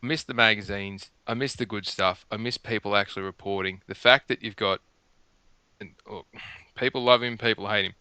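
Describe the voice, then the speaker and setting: A middle-aged man, hosting a casual gaming podcast and rambling through animated stories. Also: lowish voice, fairly quick, clean tone, no echo. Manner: rambling, animated storytelling with restarts. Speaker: podcast host. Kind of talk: casual chat. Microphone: headset.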